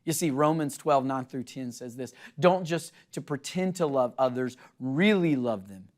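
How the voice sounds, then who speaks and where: A young adult man preaching a sermon, earnest and animated, acting out quotes in an excited voice as he tells stories. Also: medium pitch, moderate pace. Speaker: pastor.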